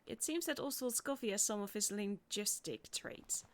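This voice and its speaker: A woman's voice: medium pitch, normal speed, close to an everyday voice. A woman voicing a boastful, vain male hunter while reading game dialogue aloud, full of old-timey slang.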